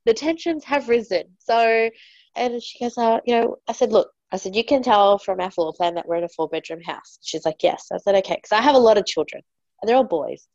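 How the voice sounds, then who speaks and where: Woman, 30s, animated exasperated storyteller; dull, dry recording. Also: brisk, creaky, no room sound. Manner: animated, exasperated, mimics others in raised pitch. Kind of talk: casual storytelling.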